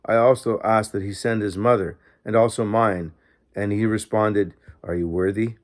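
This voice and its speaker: A man's voice: on the low side, fairly even intonation, normal speed. A man narrating a diary in the first person, reading steadily and earnestly as an audiobook narrator.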